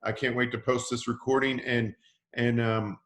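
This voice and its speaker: Man, middle pitch, rambling, lots of restarts, echoey room. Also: level tone, normal speed, fairly bright tone. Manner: rambling, full of restarts and "you know". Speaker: team leader hosting the call. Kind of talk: casual call conversation.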